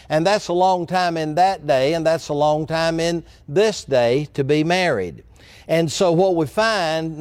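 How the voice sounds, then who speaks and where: A middle-aged man preaching a sermon as a pastor. He talks earnestly, slows down for emphasis and repeats key phrases. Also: a little high, no room sound.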